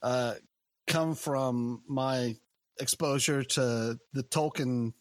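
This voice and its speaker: Man, casual chat, relaxed and rambling, medium pitch, dry recording. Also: extremely slow, dry recording.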